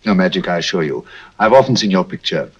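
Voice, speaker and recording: Brief: middle-aged master detective, husky clipped delivery, dull vintage film sound. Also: male voice, deep voice, expressive, fast talker. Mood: calm, probing. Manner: clipped, precise, deductive. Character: cool, incisive male detective, middle-aged. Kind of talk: 1940s film acting.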